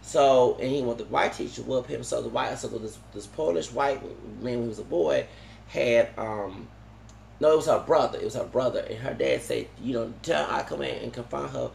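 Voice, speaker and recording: A man's voice: mid-range voice, normal speed, creaky, a little mellow, roomy sound, slight background noise. A man talking in a long, rambling monologue, full of restarts and tag questions like "okay?". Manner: digressive, many restarts and "okay?" tags. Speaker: vlogger.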